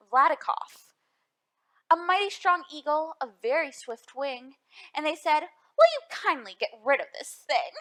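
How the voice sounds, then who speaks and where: High, slow storytime librarian woman. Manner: expressive, addresses children with questions. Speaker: children's librarian. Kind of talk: storytime read-aloud.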